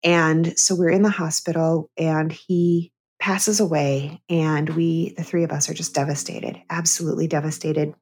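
A woman's voice: sits low, little pitch movement, moderate pace, few pauses, darkish tone. A middle-aged woman, a therapist and comedian, telling a candid personal story as a guest on an interview show. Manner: earnest, candid storyteller who breaks into laughter.

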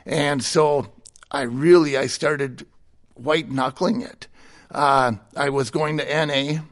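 A man's voice: medium pitch, fairly even intonation, slow pace. A middle-aged man giving a personal testimony in conversation, candid and plainspoken, with a chuckle between stories. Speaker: guest sharing his testimony.

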